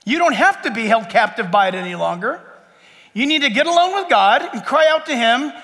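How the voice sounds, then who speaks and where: A man preaching a sermon as pastor, emphatic, surging to loud peaks and then sinking low and quiet. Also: big pitch swings, brisk. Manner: emphatic, rising to near-shouts then dropping low. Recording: long hall reverb.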